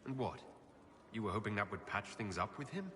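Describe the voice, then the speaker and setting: Brief: actor as a calm male leader, low voice with lively inflection, dry humor, reverb and game ambience behind. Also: a little fast, background noise, close to an everyday voice. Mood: questioning. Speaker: player character, leader.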